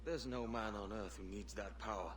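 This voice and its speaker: An actor playing a determined pirate captain with a firm, steady delivery. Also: male voice, fairly low pitch, moderate pace, close to an everyday voice. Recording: game audio with noise.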